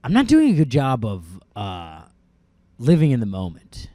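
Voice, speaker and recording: A man's voice: medium pitch, huge pitch swings, normal speed, mellow, no room sound. Podcast guy rambling and joking at himself, mid voice, dry close mic. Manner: rambling, self-deprecating storytelling. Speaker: podcast co-host. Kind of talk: casual chat.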